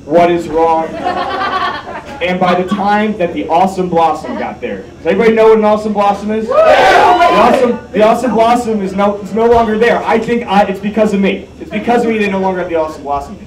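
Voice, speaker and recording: A young man telling a comic story on stage, self-mocking and animated, acting out what people said. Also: high-pitched, fast talker, background noise. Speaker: live storyteller. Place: large hall with live audience. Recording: echoey hall, mic at a distance, audience heard.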